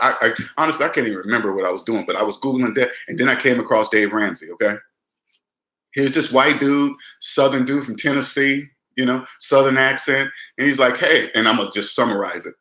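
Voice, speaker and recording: Bright-voiced man talking money, echoey room. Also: medium pitch. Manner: conversational, repeats phrases, addresses listener as man. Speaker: personal finance vlogger. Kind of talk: casual talk to camera.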